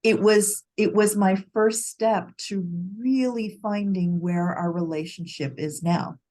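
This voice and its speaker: A woman's voice: mid-range voice, fairly even intonation, a little slow, darkish tone. A woman co-hosting a heartfelt conversation, telling a personal story earnestly and restarting her sentences often. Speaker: grief educator, co-host. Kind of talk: reflective conversation.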